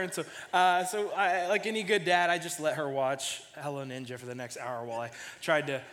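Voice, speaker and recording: A man's voice: fairly high pitch, a little fast, few pauses, a bit bright. Man preaching casually in a reverberant hall. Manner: casual storytelling, repeats starting words. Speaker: pastor. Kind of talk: sermon.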